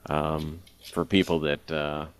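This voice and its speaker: A man's voice: extremely low pitch, flat delivery, takes it slowly, smooth. A middle-aged man co-hosting a podcast, chatting casually and rambling through stories, laughing often. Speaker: podcast co-host. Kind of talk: casual chat.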